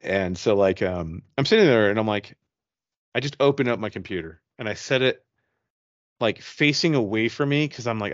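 Man, low voice, profane rambling storyteller, dry dull lo-fi sound. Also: moderate pace, no echo. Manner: profane, rambling, animated retelling. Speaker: podcast co-host telling a ghost story. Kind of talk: casual storytelling chat.

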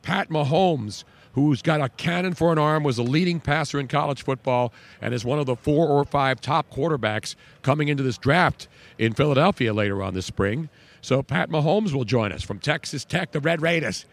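A man's voice: on the high side, moderate pace. A man hosting a sports talk show, chatting and joking in a loose, rambling way. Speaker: sports radio host.

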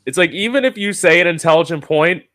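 A man's voice: fairly high pitch, fast talker. Gossipy male host, filler-heavy chat. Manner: gossipy, animated storytelling with many fillers. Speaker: interview host. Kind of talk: casual interview chat.

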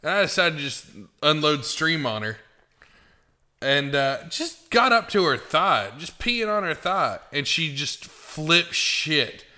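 A man's voice: fairly high pitch, big pitch swings, slow pace, pushed and bright. A man hosting a podcast in casual chat, full of crude jokes and teasing banter. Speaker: podcast host.

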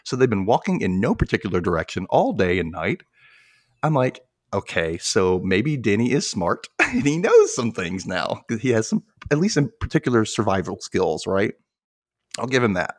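Low-ish guy on a podcast recapping a show, swings his voice all over doing the characters, dry sound. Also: moderate pace, no echo. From Memphis. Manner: animated, acts out characters' lines, laughs often. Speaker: podcast host. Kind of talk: casual chat recapping a TV episode.

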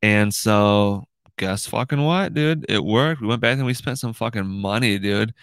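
Gravelly young guy, loose and profane. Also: fairly low pitch, measured pace, a bit bright, dry recording. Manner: profane, rambling, ends lines with "dude" and "right?". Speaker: podcast host. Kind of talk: casual monologue. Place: room in his house.

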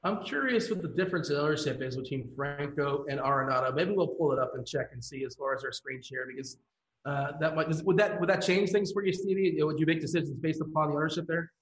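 A man hosting a fantasy baseball strategy show from an office, briskly handing topics to his co-hosts. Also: on the high side. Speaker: host. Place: office room. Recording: echoey office room.

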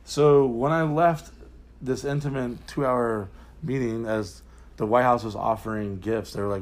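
A man's voice: mid-range voice, measured pace. A man being interviewed, telling long, rambling, profane stories in a casual way. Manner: profane, rambling, animated storyteller. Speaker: interview guest. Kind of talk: casual storytelling.

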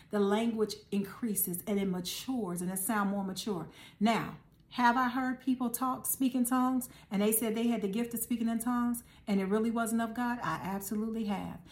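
Earnest woman preaching to listeners. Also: on the high side. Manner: repeats phrases, calls listeners "baby" and "guys"; earnest, exhorting. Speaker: podcast preacher. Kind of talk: conversational preaching.

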